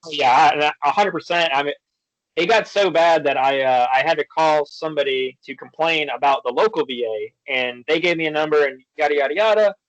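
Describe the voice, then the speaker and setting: A man guest on a podcast, chatting casually and telling animated stories, acting out the quoted back-and-forth. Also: a little high, brisk, dry recording, low-quality recording. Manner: storytelling, animated, acts out quoted exchanges. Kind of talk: casual chat.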